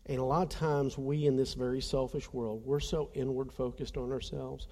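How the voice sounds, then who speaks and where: A male pastor with a mellow, warm, middle-pitched voice shares a personal story in an earnest, conversational sermon, speaking directly to the congregation. His tone stays steady at a normal speed, and the long reverb of a large church hall rings around him.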